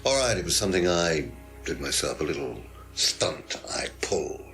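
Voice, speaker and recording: A man's voice: sits low, sing-song, moderate pace, a bit bright, soft background music. An actor playing a condescending, evasive male teacher under suspicion, speaking in a video game. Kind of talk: full-motion video game acting.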